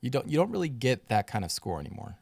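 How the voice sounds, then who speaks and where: A man hosting a movie podcast, talking in a blunt, casual way with swearing and quick laughs. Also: medium pitch, very animated, darkish tone, no echo, clean studio sound. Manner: blunt, profane, laughs easily. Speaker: podcast host.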